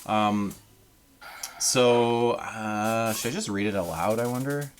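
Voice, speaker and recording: A man's voice: on the low side, slow, slight background noise. A man from Canada running a tabletop game as game master, rambling with lots of ums. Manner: rambling, many ums, laughs at own jokes.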